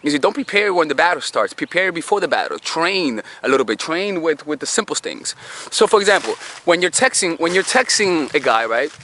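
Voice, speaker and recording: A man's voice: on the high side, big pitch swings, brisk, bright, forceful tone, slight background noise. A man giving dating advice in a casual monologue, talking in a conversational way with swearing and lots of rhetorical questions. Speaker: dating coach.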